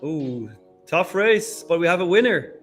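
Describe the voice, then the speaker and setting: A man co-hosting a live stream, his voice sitting a bit high and bubbling with laughter. He talks casually and calls out names fast, with faint music running underneath. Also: animated, fairly bright tone. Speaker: co-host running a giveaway.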